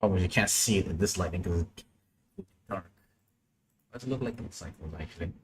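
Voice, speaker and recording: A man's voice: low voice, a little fast, soft background music. A young man streaming while he works on a computer, thinking aloud in a casual, muttering way. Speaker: streamer animating live. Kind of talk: casual live-stream commentary.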